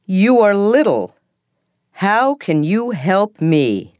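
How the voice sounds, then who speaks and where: A woman reading a children's story voices a big proud lion in a plain, measured voice close to her own. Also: mid-range voice, big pitch swings, darkish tone, no echo, pitched above the performer's own voice. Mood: amused.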